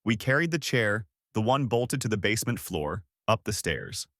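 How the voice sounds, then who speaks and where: Male storyteller, dramatic first-person narration, animated pitch, dry close sound. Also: normal speed, no echo.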